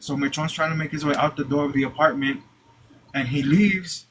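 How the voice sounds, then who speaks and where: A young man telling a personal story live, halting, with many "like"s and repeated restarts. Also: mid-range voice, steady tone, a bit bright, a little hiss or hum, rough recording.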